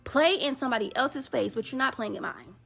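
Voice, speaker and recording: A woman's voice: sits high, a little fast, creaky, a bit bright. A woman giving a blunt, exasperated political commentary rant in casual slang.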